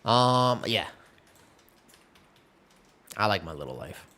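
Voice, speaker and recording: A man chatting casually on a live game stream from a room at home, in a relaxed, rambling, self-deprecating way. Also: fairly low pitch, takes it slowly. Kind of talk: casual live-stream chat while gaming.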